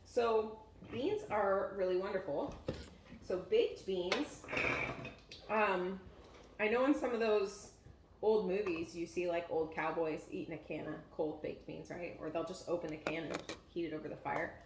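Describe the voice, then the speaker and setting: A woman's voice: fairly low pitch, measured pace. Woman, cooking demo host, chatty explainer, frequent ums, roomy kitchen echo, kitchen noise behind. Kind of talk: casual cooking demonstration. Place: home kitchen. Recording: echoey kitchen with background noise.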